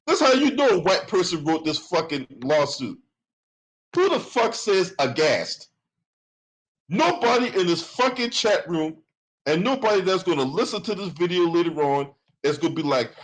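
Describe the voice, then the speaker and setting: A man's voice: a little high, big pitch swings, normal speed, husky, low-quality recording. A man hosting a commentary channel, reading from a lawsuit and breaking into profane, sarcastic rants.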